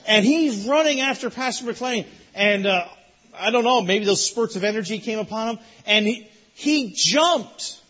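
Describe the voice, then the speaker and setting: Guy preaching, husky kinda highish voice, muffled lo-fi recording. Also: a little slow. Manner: animated storytelling, rising loud in excitement. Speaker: pastor. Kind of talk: sermon.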